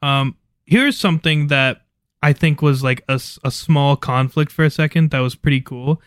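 Smooth-voiced man giving casual opinions. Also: on the high side, normal speed, no room sound, studio quality. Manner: opinionated, laid-back, swears casually. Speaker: podcast co-host. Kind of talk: casual chat.

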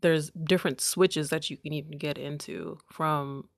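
A woman's voice: low voice, fairly even intonation, a little slow, gravelly, no echo. A woman co-hosting a casual podcast chat, teasing her partner with dry wit on a studio microphone. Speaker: podcast co-host.

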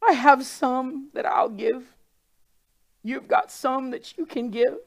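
High-voiced woman preaching. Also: slow pace. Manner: impassioned, building to loud crying pleas. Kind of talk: sermon. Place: church room with carpet, before a congregation.

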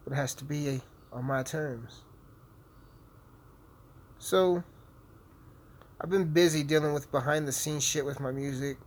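A man's voice: fairly high pitch, steady tone, a little slow, long pauses, slight background noise. A young man hosting a podcast, rambling brashly and swearing constantly while he plays a game. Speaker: podcast host. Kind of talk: casual profane monologue while gaming.

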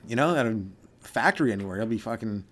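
A man's voice: on the low side, expressive, fast. A young adult man, a stand-up comedian hosting his own podcast, rambling through a solo comedic rant and slipping into goofy voices for his bits.

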